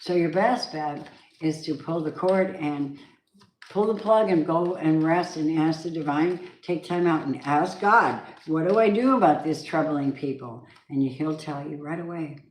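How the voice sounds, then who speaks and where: A woman with a low-pitched, unhurried and slightly mellow voice gives a casual tarot reading. She is chatty and emphatic, adding spiritual asides, and the room sounds echoey with faint background noise.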